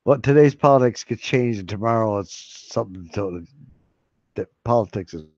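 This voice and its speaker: A man's voice: fairly low pitch, brisk, a little mellow, dry recording. A man hosting a casual live stream, chatting in a rambling, joking and loose way. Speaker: livestream host. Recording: dull lo-fi stream audio.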